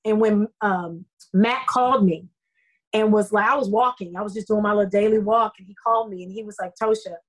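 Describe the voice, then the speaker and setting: Speaking briskly in a mid-range voice, a middle-aged woman who acts in soap operas tells stories during a casual interview. She comes across as effusive and animated, with lots of fillers, and the recording is rough.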